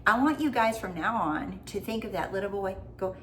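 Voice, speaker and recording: A woman's voice: medium pitch, expressive, brisk, a little hiss or hum. A woman life coach giving a casual motivational talk, goofy, blunt and freely swearing.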